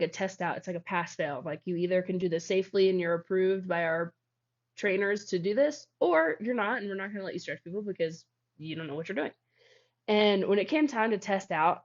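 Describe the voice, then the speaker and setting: Rambling young woman telling her story. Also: medium pitch. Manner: rambling, heavy use of "like". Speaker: guest, founder of a healing practice. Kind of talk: casual storytelling interview. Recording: dull lo-fi audio.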